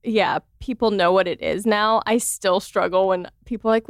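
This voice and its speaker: A woman's voice: medium pitch, fairly even intonation, normal speed, no echo, studio quality. A woman in her thirties chatting as a podcast guest, laughing often and acting out the voices she quotes. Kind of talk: casual interview chat.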